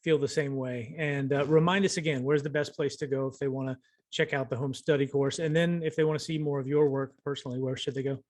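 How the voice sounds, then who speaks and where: A man's voice: medium pitch, steady tone, quick pace, darkish tone. A man with a mid-range voice hosts a podcast in a casual way. He keeps his remarks short and encouraging. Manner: brief, encouraging interjections. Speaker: podcast host.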